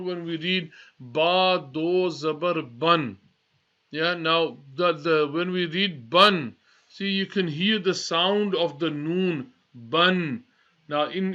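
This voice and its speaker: A man teaching a Quran reading lesson, spelling out letter sounds slowly and repeating each one for learners to copy. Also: fairly high pitch, bright, forceful tone. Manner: often says religious phrases between steps. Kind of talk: slow spoken lesson, spelling Arabic letters aloud. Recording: dull lo-fi recording.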